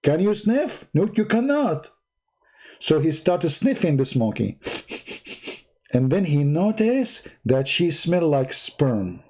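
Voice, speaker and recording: A man hosting a livestream, retelling a story in a mocking, animated way in loose, nonstandard English. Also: fairly high pitch, slow pace. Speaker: livestream host. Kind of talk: mocking religious commentary, casual.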